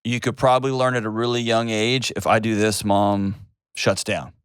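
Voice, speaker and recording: A man's voice: lowish voice, level tone, normal speed, clean tone, no room sound, clean studio sound. Direct, reassuring male advice host. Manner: direct, reassuring, interrupts to steer. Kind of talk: call-in advice show.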